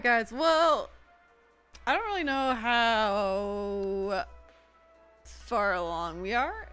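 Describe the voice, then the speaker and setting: A woman streamer chatting through a gameplay session in a relaxed, unhurried way. Her pitch sits a little high and swings widely as she rambles to her viewers, with faint game music under her voice. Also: smooth. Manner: rambling, chatty, talks to chat. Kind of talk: casual gameplay livestream chat.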